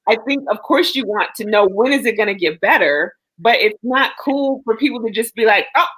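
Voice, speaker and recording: A woman's voice: on the high side, animated, normal speed, fairly bright tone, breathy edge, poor audio. A woman in a casual, supportive chat, talking earnestly and at length to reassure a friend.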